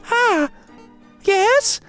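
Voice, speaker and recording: A flustered young housemaid , put on by a man, chirping in a high, fussy falsetto. The voice sits far above a normal speaking range and stays eager and busy. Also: lively intonation, very slow, a bit bright, soft background music, heavily acted. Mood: fluttery.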